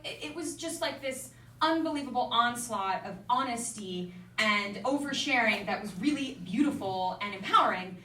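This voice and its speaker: A young woman telling a personal story at an event, candid and self-deprecating with quick asides. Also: a little high, lively intonation, bright, forceful tone, slight background noise. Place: event venue with an audience. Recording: echoey room, mic from a distance.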